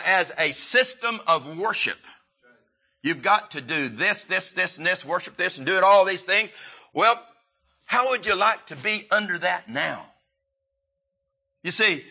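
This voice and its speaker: A man preaching a sermon, halting and restarting often, then rising to stress his points. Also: high voice, bright, forceful tone, slightly rough.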